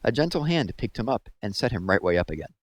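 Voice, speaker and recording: A man reading a children's book aloud with expressive storytelling, close to the mic. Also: mid-range voice, a little fast, no room sound. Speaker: read-aloud host.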